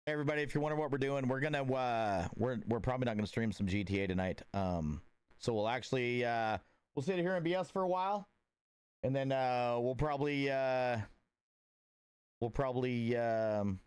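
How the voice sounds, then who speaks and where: A laid-back man chats with his livestream viewers in a smooth, resonant voice. The sound is dry and close, with no room echo. He meanders through thoughts with plenty of filler words and restarts. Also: medium pitch, fairly quick, darkish tone. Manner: laid-back and friendly, greeting viewers by name. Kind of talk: casual livestream chat with viewers.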